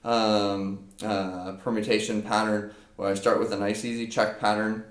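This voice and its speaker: A man's voice: fairly low pitch, level tone, normal speed. A man giving an unscripted percussion lesson, explaining step by step with frequent fillers. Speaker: percussion teacher. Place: practice room with a drum. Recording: echoey room.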